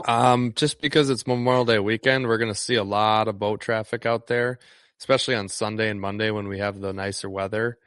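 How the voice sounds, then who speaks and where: A man's voice: on the low side, fairly even intonation, a little fast, fairly bright tone, smooth, dry recording. A fishing guide from Northeast Wisconsin, a man talking casually in an interview and rambling with many ums and restarts.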